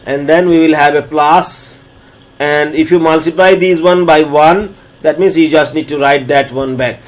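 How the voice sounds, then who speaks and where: Guy teaching calculus, kinda high voice, keeps repeating himself step by step. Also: steady tone. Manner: repeats steps slowly, restarts phrases. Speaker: lecturer. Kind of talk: recorded math lecture.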